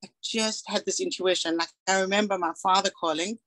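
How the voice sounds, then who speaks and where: A woman in her forties from South Africa tells her own story to an audience, candid and earnest. She slips into the voices of the people she quotes. Her voice sits at a middle pitch and sounds dry and close, with no room echo. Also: steady tone, a little fast, a bit bright. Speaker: guest speaker. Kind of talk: personal storytelling talk.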